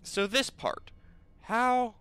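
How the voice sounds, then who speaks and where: A man's voice: very high-pitched, fairly even intonation, drawn-out words, pushed and bright, clear, resonant tone. A young man commentating his own gameplay, exasperated and bickering aloud with the game and himself. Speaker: gaming video host.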